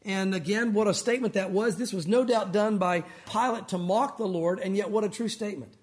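A man's voice: sits high, fairly quick. A man preaching a sermon as pastor, speaking with passion and talking to his listeners as "guys.".

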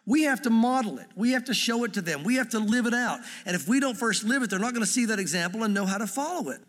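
A middle-aged man preaches in a high, light voice. His delivery is earnest and conversational, with touches of gentle humor. The sound rings with the long reverb of a large hall. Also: animated, fast talker. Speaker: pastor. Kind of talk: sermon.

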